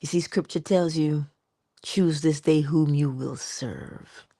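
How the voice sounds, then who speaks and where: Low-voiced, slow-talking woman livestream host. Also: husky. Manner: musing, affectionate, drifts between hushed asides and bursts of laughter. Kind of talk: inspirational morning livestream talk. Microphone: livestream mic.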